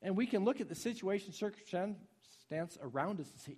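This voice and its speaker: A man preaching a sermon in a husky voice, swinging from soft pleading to loud urging. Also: high-pitched, lively intonation, normal speed.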